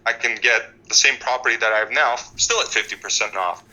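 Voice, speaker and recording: A man in his forties, speaking as a housing expert guest in an interview, telling stories with animated restarts. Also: medium pitch, fast, low-quality recording. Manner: animated storytelling with frequent restarts. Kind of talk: conversational interview.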